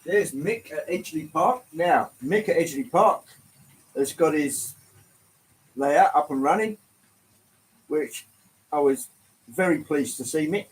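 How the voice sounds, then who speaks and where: A man's voice: fairly high pitch, expressive, a little slow, long pauses, rough recording. A man with an English accent with a touch of London, hosting a casual live stream, chatting easily, greeting viewers by name and swearing lightly. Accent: English, slight London. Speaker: livestream host.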